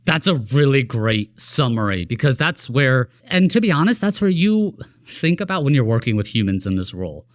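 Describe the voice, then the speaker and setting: A man's voice: medium pitch, big pitch swings, normal speed, no room sound, studio quality. A man co-hosting a podcast, talking casually and with energy, swearing now and then and acting out quoted coworkers. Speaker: podcast co-host. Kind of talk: casual conversation.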